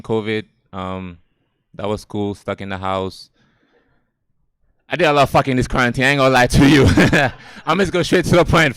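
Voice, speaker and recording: Laid-back Gambian-accented stand-up comic. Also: male voice, on the low side, creaky, fairly bright tone, clear, resonant tone, no room sound, clean studio sound. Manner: laid-back, profane, laughs at his own jokes. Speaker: stand-up comedian. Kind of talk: stand-up comedy set. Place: outdoor stage under string lights.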